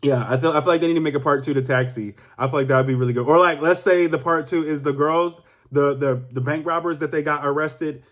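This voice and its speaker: A man's voice: fairly high pitch, fast talker, few pauses. Profane, rambling young man vlogging. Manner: animated, rambling, profane, heavy filler. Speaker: YouTuber. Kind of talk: casual vlog monologue.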